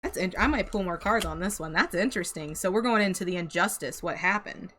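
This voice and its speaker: A woman's voice: lowish voice, animated, brisk, a bit bright, a little hiss or hum. A young woman giving a casual tarot reading to camera, chatty and sympathetic, laughing and sighing often. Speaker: tarot reader.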